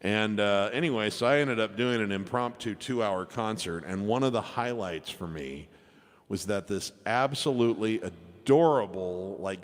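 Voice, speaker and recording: Slow-talking man spinning a casual story. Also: on the low side. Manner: chatty, rambling, with fillers. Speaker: piano entertainer. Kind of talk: casual storytelling at a live show. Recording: long reverb with piano music.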